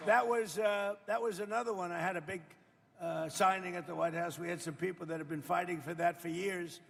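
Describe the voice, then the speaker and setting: Older man in his seventies with a rather high voice and a gravelly edge, speaking off the cuff and rambling. His talk is boastful and repetitive, full of asides to the audience. The sound rings with the long reverb of a hall. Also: fairly even intonation, fairly quick, fairly bright tone, slight background noise. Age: 70s. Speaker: politician speaking at a roundtable. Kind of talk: off-the-cuff public speech. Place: event room with people around a table.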